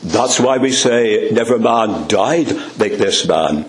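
A man preaching a sermon in a church, with dramatic pauses and a voice that drops low on repeated refrains. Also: animated, a little hiss or hum. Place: church hall. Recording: echoey church sound.

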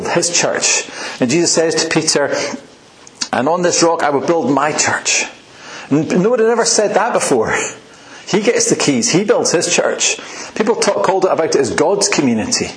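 A man preaching a sermon in a relaxed, chatty way, often laughing at his own asides. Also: fairly high pitch, reverberant, rough recording. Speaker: pastor.

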